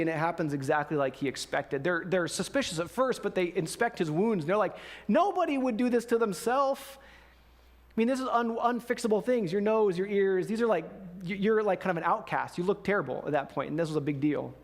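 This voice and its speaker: Conversational, slightly high-voiced male pastor. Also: brisk. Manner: conversational storytelling, casual slang. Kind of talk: sermon.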